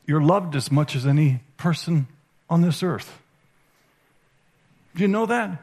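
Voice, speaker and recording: A man giving a sermon as a conference speaker, animated and emphatic, swinging between hushed and raised delivery. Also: on the high side, unhurried, husky. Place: conference hall.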